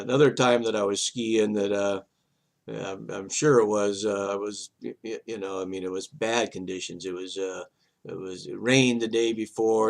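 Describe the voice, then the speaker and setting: An older man casually telling a personal story as a vlog host, rambling and animated with halting restarts. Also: on the low side, vocal fry.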